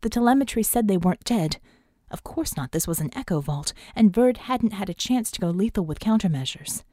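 A woman reading an action novel aloud in an even, steady storytelling way. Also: medium pitch, fairly quick, dry recording, clean studio sound. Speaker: audiobook narrator. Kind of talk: scripted narration.

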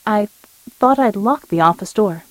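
A woman's voice: mid-range voice, expressive, normal speed, dry recording, lightly acted, low-quality recording. Woman reading a hesitant male chief. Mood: uneasy. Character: male team chief, uneasy.

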